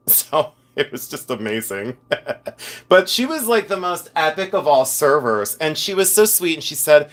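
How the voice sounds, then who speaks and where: A man's voice: on the high side, big pitch swings, moderate pace, fairly bright tone. A middle-aged man from Ohio hosting a casual live stream, telling chatty stories, laughing often and reading viewer comments aloud. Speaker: livestream host and reseller.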